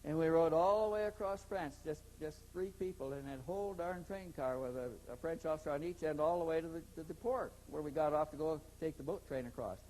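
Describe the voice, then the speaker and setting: A man's voice: on the high side, fairly quick, hardly any pauses, a little mellow, a little hiss or hum, low-quality recording. An older man, an interview guest, telling a long story in a rambling way, repeating words and acting out the dialogue.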